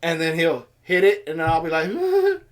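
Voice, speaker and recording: A man's voice: on the high side, flat delivery, fast, clean tone. A man co-hosting a livestream, telling a story in casual chat and acting out other people's voices and sounds. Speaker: co-host of a homestead livestream.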